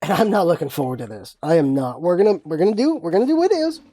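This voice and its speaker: A woman's voice: lowish voice, sing-song, fast talker, dark tone. A woman talking casually in a solo gaming vlog, blunt and emphatic, repeating phrases to drive her points home. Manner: frank and blunt, with mild swearing. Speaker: gaming vlogger.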